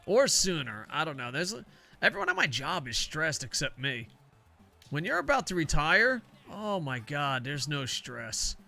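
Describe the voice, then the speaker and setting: Animated older man chatting over gameplay. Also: a little slow, creaky, soft background music. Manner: rambling, profane, laughs often, mimics coworkers in a high voice. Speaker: streamer. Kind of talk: casual chat while gaming.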